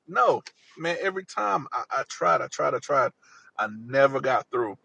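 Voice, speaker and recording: Guy rambling thru his own story, earnest, repeats stuff, kinda husky voice, dry sound. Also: on the high side, very animated, measured pace, sharp tone, no echo, low-quality recording. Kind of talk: personal storytelling.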